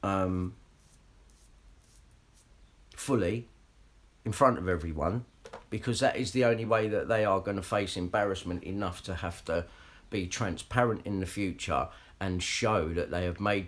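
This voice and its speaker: A man's voice: low voice, unhurried. A man ranting casually and swearing a lot as he talks straight to his livestream viewers. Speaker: livestream vlogger.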